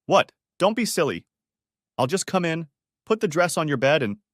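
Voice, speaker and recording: Man putting on a fussy mom, higher voice, sing-song, dry sound. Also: very animated, moderate pace, no room sound. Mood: puzzled. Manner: coaxing, motherly. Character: fussy doting middle-aged mother.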